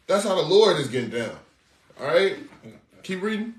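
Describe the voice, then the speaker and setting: Animated preaching man, echoey and distant. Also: sits high, normal speed, long pauses. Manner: animated, preachy, slangy asides. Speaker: street preacher. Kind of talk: sermon commentary on scripture. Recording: echoey room from far off.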